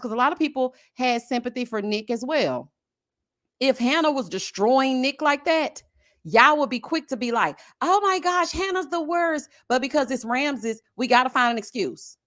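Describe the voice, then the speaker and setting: A woman with a fairly high voice hosts a casual live chat about reality TV. She is animated and sassy. Her pitch leaps around a lot as she talks straight to her viewers. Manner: animated, sassy, addresses viewers as y'all and honey.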